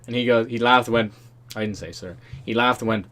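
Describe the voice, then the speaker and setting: A man's voice: mid-range voice, fast, a bit bright. An eighteen-year-old man, co-hosting a podcast and telling stories in casual chat, laughing often. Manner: chatty storyteller, laughs often. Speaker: podcast co-host. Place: indoors, seated on a chair.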